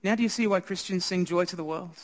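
Australian male preacher, high voice, earnest and chatty, hall reverb on the recording. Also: fast. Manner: earnest, conversational, with frequent restarts and hushed asides. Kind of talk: Christmas sermon.

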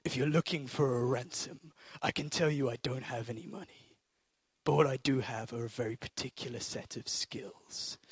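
A man putting on the voice of a calm, menacing middle-aged ex-agent father, speaking in a low, slow, threatening whisper. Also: breathy edge, dry recording.

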